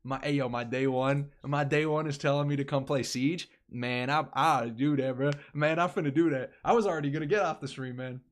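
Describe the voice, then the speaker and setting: A man's voice: mid-range voice, fairly quick, few pauses. A young man hosting a casual live stream, rambling and restarting his phrases as he talks to his chat.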